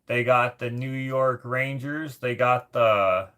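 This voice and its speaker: A man from Canada hosting a casual livestream, reading viewer comments aloud and rambling as he thinks out loud. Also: medium pitch, fairly even intonation, slow. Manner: rambling, thinks out loud while searching things up. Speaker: livestream host.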